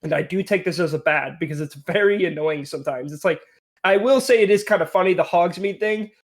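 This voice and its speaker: A man's voice: sits high, brisk. A young man co-hosting a casual game review podcast, chatty and rambling, laughing often. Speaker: podcast co-host.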